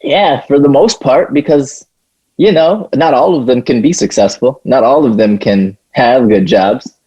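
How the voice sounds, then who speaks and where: A man co-hosting a podcast in casual chat, rambling and halting, restarting his sentences often. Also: mid-range voice, warm tone, breathy edge, highs cut off. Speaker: podcast co-host.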